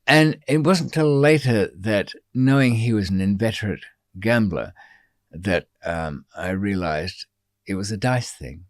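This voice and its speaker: A man's voice: on the low side, animated, a little slow, no echo, clean studio sound. A man who is a podcast guest, telling a long story in an interview in a rambling, digressive way, with many ums and wry asides.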